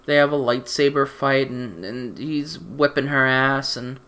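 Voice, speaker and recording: A man's voice: mid-range voice, a little slow, sharp tone, clear, resonant tone. A man ranting about a movie in a casual, rambling way, stammering through restarts and sounding exasperated and sarcastic. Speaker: movie reviewer. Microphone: desk mic.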